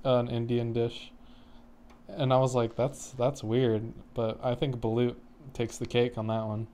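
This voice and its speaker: A man casually telling a short story on a podcast, getting quieter as he goes. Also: medium pitch, level tone, unhurried. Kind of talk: casual chat.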